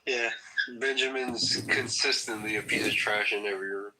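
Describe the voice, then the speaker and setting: A man chatting casually in a group room, halting and full of fillers as he recounts a conversation. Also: on the low side, fairly even intonation, bright, forceful tone, rough recording. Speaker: regular in the chat room.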